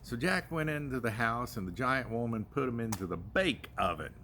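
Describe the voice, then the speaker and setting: A man's voice: medium pitch, expressive, normal speed, bright, forceful tone, a little hiss or hum. An older man telling a folk tale to his grandson in a folksy, rambling way, with fillers. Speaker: grandfather storyteller. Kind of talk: folk tale told aloud.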